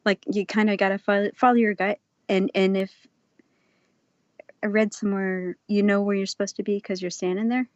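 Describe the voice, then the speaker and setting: A woman's voice: medium pitch, little pitch movement, brisk, no room sound. A woman guest on a podcast, chatting casually in an easygoing way and laughing often. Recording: slightly dull, lo-fi audio.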